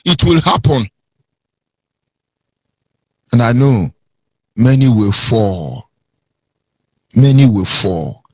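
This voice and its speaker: A man with a Nigerian accent anchoring a radio talk show, preachy and emphatic, swinging from low and grave to high and heated. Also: very animated, very slow, long pauses, slightly rough, no echo.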